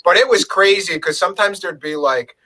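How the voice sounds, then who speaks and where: Bright-voiced man telling stories casually. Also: high voice, fairly quick, rough recording. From Philadelphia area. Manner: storytelling, animated, acts out quoted lines. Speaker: co-host. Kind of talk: casual podcast chat.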